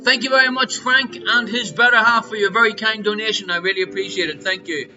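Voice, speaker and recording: Irish man, quiz host at home, high bright voice, joking with viewers, dull stream audio with faint music. Banter-heavy host. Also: fairly even intonation, a little fast. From Ireland. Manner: jokey, teasing banter with viewers in the chat. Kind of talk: live-streamed pub quiz hosting. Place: his home.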